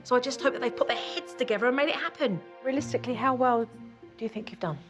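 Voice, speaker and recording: A woman's voice: on the high side, fast talker, highs cut off, over loud music. Firm British woman coaching parents. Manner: firm, direct, correcting parents. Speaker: nanny and parenting coach on a TV show. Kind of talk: reality TV coaching.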